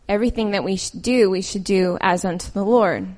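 A woman's voice: mid-range voice, fairly quick, few pauses, darkish tone. Woman, sermon, scripture reading, earnest, conversational, personal stories. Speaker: lay preacher.

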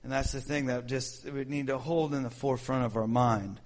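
A man's voice: mid-range voice, fairly even intonation, moderate pace. A man preaching in a casual, joking, self-deprecating way to his congregation. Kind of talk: informal sermon talk.

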